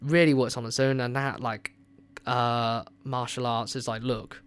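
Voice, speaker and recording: A man hosting a movie review radio show, chatting casually and excitedly with lots of filler words. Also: mid-range voice, measured pace, clean tone.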